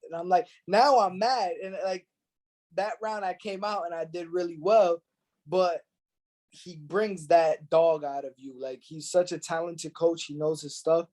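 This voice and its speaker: A middle-aged man hosting a podcast, telling stories in an animated, profane way and acting out the quotes. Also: fairly high pitch, a little slow. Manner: animated, profane storyteller who acts out quotes. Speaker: podcast host. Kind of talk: casual podcast chat.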